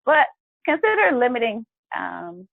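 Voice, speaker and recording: A woman's voice: fairly high pitch, big pitch swings, measured pace, gravelly, dry recording, narrow, tinny audio. A woman hosting a live health and wellness show, chatty and encouraging as she talks to her viewers. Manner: chatty and encouraging, often addresses viewers as guys. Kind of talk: upbeat live-stream talk.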